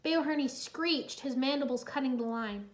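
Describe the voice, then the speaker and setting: A woman narrating a children's adventure story in a lively, expressive read-aloud. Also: high-pitched, normal speed.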